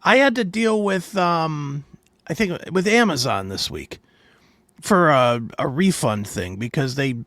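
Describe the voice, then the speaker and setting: A man co-hosting a podcast, telling profane, animated stories in casual chat. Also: on the high side, a little slow, no echo, clean studio sound. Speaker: co-host.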